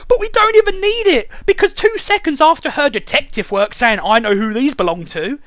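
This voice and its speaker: A man's voice: very high voice, animated, a little fast, few pauses, background noise. A man hosting a casual review chat, ranting sarcastically and swearing often. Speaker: show reviewer and host.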